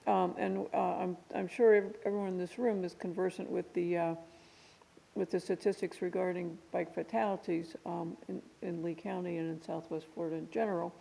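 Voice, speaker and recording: A woman serving as hearing examiner who speaks haltingly and a little muffled, with a cough drop in her mouth. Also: on the low side, little pitch movement, gravelly, mellow. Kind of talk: formal public hearing. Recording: long reverb in a hearing room.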